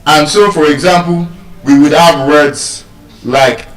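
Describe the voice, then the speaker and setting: A man giving a pronunciation lesson, speaking slowly and deliberately, pausing and repeating words for emphasis. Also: fairly high pitch, fairly even intonation. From Nigeria. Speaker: teacher giving a pronunciation lecture. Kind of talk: classroom lecture, explaining and spelling out words. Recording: roomy echo, voice from a distance.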